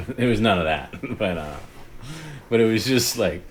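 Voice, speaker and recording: A man hosting a casual late-night stream, rambling, often laughing and breaking into hushed imitations of others. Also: low-pitched, expressive, a little fast, a little hiss or hum. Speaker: podcast host.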